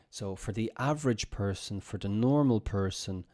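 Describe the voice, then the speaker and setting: A man teaching English on a live stream in a chatty way, repeating example phrases slowly for his students. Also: fairly low pitch, dark tone.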